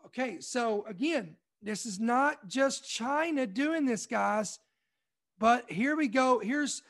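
A young man from Kentucky reading out news items and commenting on them emphatically, often repeating points slowly for effect. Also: very high-pitched, animated, fairly bright tone. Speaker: online commentary host.

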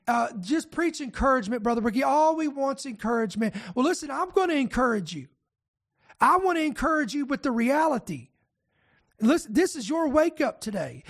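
A man preaching a podcast sermon, fervent and emphatic, firing off rhetorical questions and warnings. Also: extremely high pitch.

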